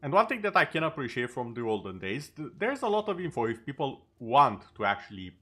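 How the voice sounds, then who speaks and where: A man's voice: medium pitch, very animated, fairly quick, few pauses, bright, forceful tone, faint music behind. A male streamer in casual chat over gameplay, talking easily and tossing in sarcastic asides.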